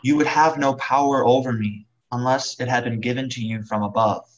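A man reading the part of Jesus, a calm male teacher on trial, in a dramatized scripture reading, with a steady delivery. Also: medium pitch, normal speed, lightly acted. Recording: dull lo-fi recording.

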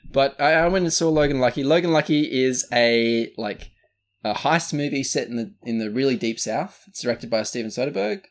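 A man's voice: mid-range voice, expressive, a little fast. An Australian man co-hosting a casual podcast, rambling through a movie review with lots of fillers and restarts. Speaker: podcast co-host.

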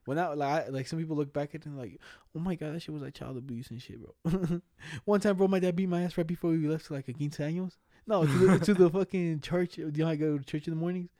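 Young man, casual storyteller, slangy and laughing, mellow timbre, dry recording. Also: fairly high pitch, fast, hardly any pauses, no echo. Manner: slangy, laughing, acts out quoted voices. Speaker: friend telling stories.

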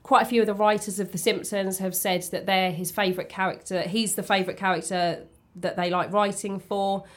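A woman's voice: mid-range voice, flat delivery, fairly quick. Chatty woman. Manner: chatty, many ums and restarts, blunt swearing. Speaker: podcast co-host. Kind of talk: casual chat.

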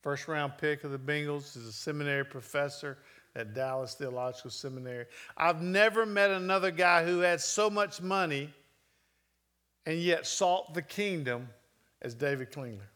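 Earnest higher-voiced male preacher. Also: normal speed, a bit bright. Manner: emotional storytelling, earnest preaching with shifting volume. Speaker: pastor. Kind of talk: sermon.

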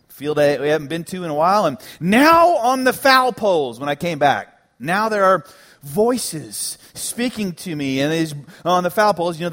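Pastor, man, higher voice, preaching with lively humor and punchy repeats. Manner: animated, joking preacher with emphatic repetitions. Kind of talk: sermon. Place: church sanctuary.

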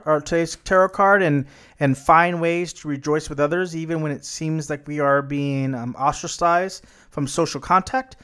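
A man's voice: fairly high pitch, a bit bright, clear, resonant tone. A young American man co-hosting a podcast, chatting casually, laid-back and swearing, rambling a bit. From United States. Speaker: podcast co-host. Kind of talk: casual chat.

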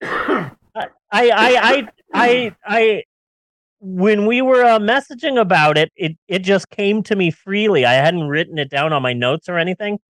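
A man's voice: high-pitched, measured pace, a bit bright, no room sound. A man co-hosting a casual movie-review podcast, ranting sarcastically and riffing with jokes. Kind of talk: casual comedic film review chat.

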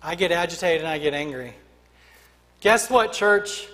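A man's voice: fairly high pitch, normal speed, sharp tone, big-room sound. A man preaching a sermon as pastor, emphatic and rhythmic, building his points through repeated refrains.

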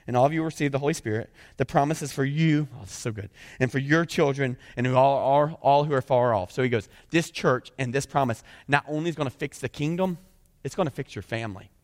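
A man preaching a sermon, reading scripture aloud and breaking into lively conversational asides. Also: mid-range voice, quick pace, in a large hall. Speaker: pastor.

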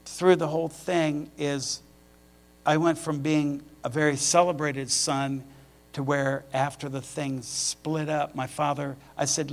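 Middle-aged male pastor, sermon, gravelly and a bit high-pitched, personal storytelling that builds to emphatic peaks. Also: level tone, unhurried.

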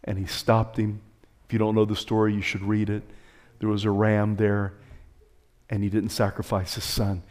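A man preaching a sermon as pastor, swinging his pitch high and low and calling out to the congregation. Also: monotone, normal speed, a little mellow.

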